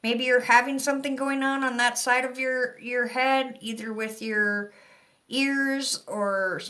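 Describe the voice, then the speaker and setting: A woman's voice: on the high side, steady tone, a little slow, sharp tone. A woman from Michigan's Upper Peninsula with a Yooper accent, giving chatty, rambling psychic readings on a live stream. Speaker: psychic reader. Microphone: phone or webcam on a live stream.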